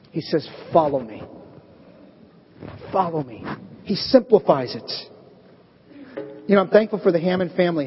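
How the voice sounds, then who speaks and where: A man preaching a sermon as pastor, animated and acting out bits of dialogue in different voices. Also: high voice, slightly rough. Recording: echoey dull hall recording.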